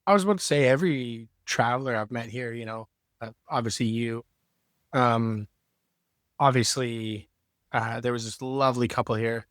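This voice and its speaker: Man, podcast guest, rambling, relaxed, mid pitch, dry room. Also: moderate pace, dry recording. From Canada. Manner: rambling, relaxed, loses words. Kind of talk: casual conversation. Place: backpackers hostel.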